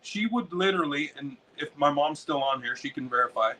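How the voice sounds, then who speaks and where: An excitable American man tells his stories in a loose, rambling way and swears freely. His voice is bright and carries a forceful edge. It sits a little high for a man. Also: fairly quick, distant mic, rough recording. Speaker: interview guest, dog breeder. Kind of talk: casual storytelling.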